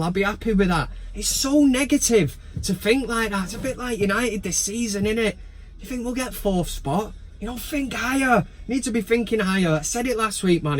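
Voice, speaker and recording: A young man hosting a football fan vlog, talking in blunt, sweary banter. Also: high-pitched. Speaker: football fan channel host. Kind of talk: casual vlog commentary.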